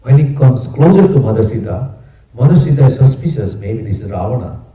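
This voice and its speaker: A man preaches in a lively, conversational way, his voice very dark and mellow. He is in a roomy hall with a clear echo. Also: medium pitch, a little fast. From India. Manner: animated, conversational. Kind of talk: storytelling sermon.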